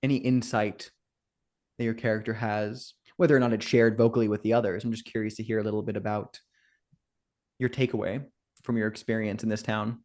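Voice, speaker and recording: A man's voice: lowish voice, little pitch movement, brisk, darkish tone. A man running a tabletop game as game master, talking through scenes in a loose, filler-filled way. He sounds like he is playing with friends. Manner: loose, filler-heavy narration.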